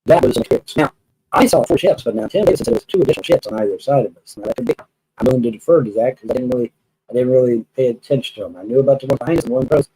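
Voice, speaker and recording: A man's voice: mid-range voice, lively intonation, racing, background noise. A man telling stories in a rambling casual monologue, repeating himself and swearing freely. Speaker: storyteller recounting experiences.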